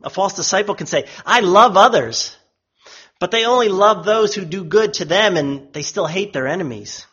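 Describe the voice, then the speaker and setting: Male preacher, husky, somewhat high-pitched, emphatic sermon delivery, dull lo-fi sound. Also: a little fast, hardly any pauses. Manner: emphatic, rises for quoted voices and drops low and quiet for solemn lines.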